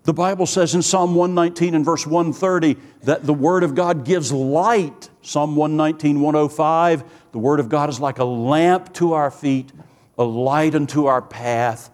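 A man's voice: a little high, normal speed, darkish tone, long reverb tail. A man preaching a sermon with earnest emphasis, building through rising lists of phrases and telling stories with quoted dialogue.

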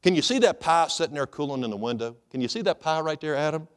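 A preacher voicing coaxing, jovial God. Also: male voice, a little high, lively intonation, fast, in a large hall, lightly acted. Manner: coaxing, leading questions. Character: coaxing, jovial God telling Adam about a wife.

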